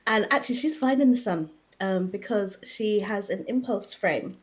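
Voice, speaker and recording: A woman playing a tabletop game, narrating her character in an unhurried, chatty way. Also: medium pitch, animated, low-quality recording. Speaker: player. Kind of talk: casual tabletop role-play.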